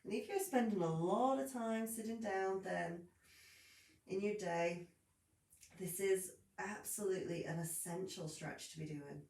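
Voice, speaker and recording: A woman teaching a guided yoga class, cueing softly and gently as she practises on her mat. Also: mid-range voice, unhurried, creaky. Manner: soft, gentle cueing with frequent yawns and light laughs. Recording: roomy echo, voice from a distance.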